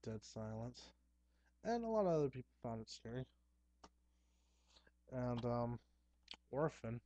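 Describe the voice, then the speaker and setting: A young man talking casually to camera at home, chatty and excitable, with playful asides. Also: medium pitch, measured pace, slight background noise. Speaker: horror movie vlogger. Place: dim room at home.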